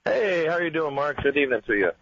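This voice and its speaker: A man's voice: on the high side, big pitch swings, fast talker, fairly bright tone, a little hiss or hum. A man calling in to a talk radio show, challenging the host with hesitant fillers. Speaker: caller. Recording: dull phone-in line.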